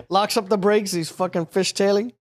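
A young man telling a rambling, profane story in casual chat, full of fillers and animated asides. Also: sits high, moderate pace.

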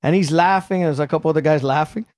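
A middle-aged man in casual chat, telling a profane, animated story and acting out what people said. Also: a little high, fast, no echo, clean studio sound.

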